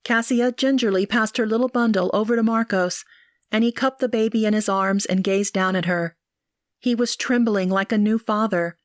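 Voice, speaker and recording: A woman narrating an audiobook in an even, measured way. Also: mid-range voice, dry recording, studio quality.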